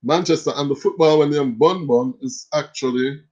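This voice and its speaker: A Jamaican man runs a live quiz show, teasing the players and reading out viewer comments. His voice sits a little high, and the stream audio is muffled and lo-fi. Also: moderate pace. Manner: animated, joking, reads chat comments aloud. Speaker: quiz host.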